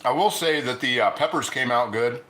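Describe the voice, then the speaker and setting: A man's voice: mid-range voice, normal speed, bright, forceful tone. A middle-aged man hosting a casual cooking livestream, rambling and chatty, eating and talking between bites in his home kitchen. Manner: rambling, chatty, restarts often; eating and talking with mouth full. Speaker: cooking show host.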